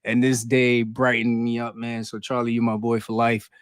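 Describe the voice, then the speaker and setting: A man's voice: medium pitch, level tone, smooth, dry recording, clean studio sound. Laid-back male podcast co-host. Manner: laid-back, drawn-out, slangy. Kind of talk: casual live podcast chat.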